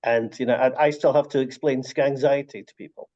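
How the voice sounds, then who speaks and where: Over dull, lo-fi video call audio, a man who collects stories and writes books chats casually, his medium-pitched voice brisk and fairly even. He narrates with warmth but keeps restarting.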